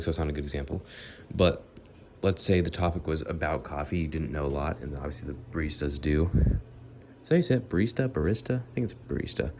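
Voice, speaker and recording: A man's voice: low-pitched, a little mellow, slight background noise. A young man with a nasal voice who has a cold, rambling through an unscripted vlog monologue, correcting himself as he goes and talking straight to his viewers. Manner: rambling, self-correcting, talks to viewers directly. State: sick with a cold. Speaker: vlogger.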